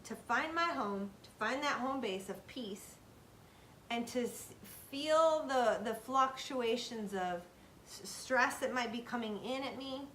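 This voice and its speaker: A fairly high-voiced woman in her thirties talks straight to her viewers in a casual motivational style. She is earnest and emphatic and keeps repeating phrases to drive her point home. A faint low rumble sits under the recording. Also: measured pace, fairly bright tone. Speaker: self-help video host. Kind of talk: casual motivational talk to camera.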